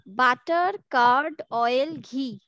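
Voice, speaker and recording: Patient woman teacher, high and slow, running an online question drill. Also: fairly bright tone, no room sound, lo-fi sound. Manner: repeats words and questions patiently. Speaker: school teacher. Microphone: video call from home.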